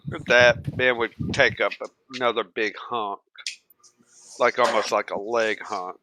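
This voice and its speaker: Bright-voiced man running a tabletop game. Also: mid-range voice, fairly even intonation, unhurried, low-quality recording. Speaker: game master.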